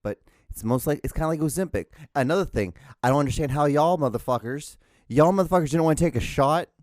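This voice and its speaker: A man's voice: on the high side, fast, a little mellow, no room sound, clean studio sound. A man hosting his own podcast from home, rambling casually with lots of stammered restarts and swearing. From outside the United States. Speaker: podcast host. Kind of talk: casual solo podcast rant. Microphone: podcast microphone.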